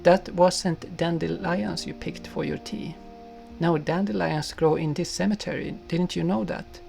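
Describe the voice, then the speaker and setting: A man voicing a cheeky, laughing male chipmunk in a storybook reading, brisk and emphatic. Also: fairly high pitch, fairly even intonation, darkish tone, soft background music. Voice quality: gravelly.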